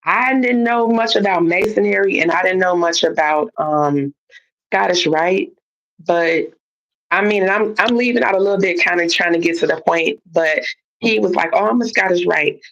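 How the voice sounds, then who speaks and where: Gravelly woman telling a story. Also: fairly low pitch, normal speed. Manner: animated retelling that acts out others' lines. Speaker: guest on a live stream. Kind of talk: casual storytelling. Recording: dull lo-fi stream audio.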